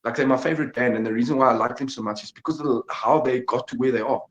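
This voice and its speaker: A man's voice: mid-range voice, racing, lo-fi sound. A young man, a fighter and podcast guest, giving emphatic, profane motivational talk. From South Africa. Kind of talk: casual podcast interview. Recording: echoey room.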